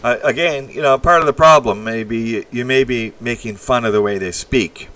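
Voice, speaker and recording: A Canadian man hosts a casual livestream, rambling bluntly and crudely as he reacts to chat messages. His voice is mid-range with a sharp tone, at normal speed, picked up by a distant mic.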